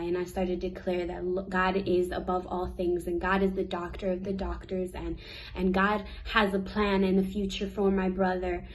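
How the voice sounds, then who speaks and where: A young woman sharing a personal faith testimony, earnest and emotional, pausing with fillers and sometimes teary. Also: medium pitch, a little mellow, low-quality recording. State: teary at times. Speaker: youth ministry speaker.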